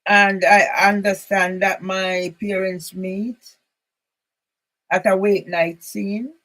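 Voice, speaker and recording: A woman's voice: medium pitch, level tone, slow, a bit bright, low-quality recording. A woman from Jamaica with a Jamaican accent, talking in a rambling, emphatic personal monologue that drifts into patois. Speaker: channel host.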